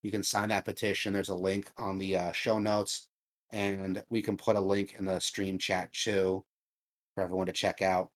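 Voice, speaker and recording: Soft-spoken earnest man co-hosting. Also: low voice, level tone. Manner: earnest, measured, frequent ums. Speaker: podcast co-host. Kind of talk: casual podcast discussion.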